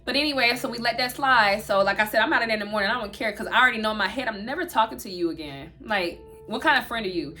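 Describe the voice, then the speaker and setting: A woman, telling a storytime vlog straight to her viewers in an animated way. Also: fairly high pitch, quick pace, few pauses, faint music behind. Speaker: vlogger.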